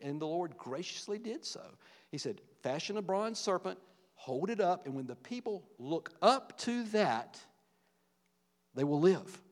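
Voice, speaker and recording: A man preaching a conversational sermon, with asides and restarts, getting louder for emphasis. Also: medium pitch, big-room sound. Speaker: pastor.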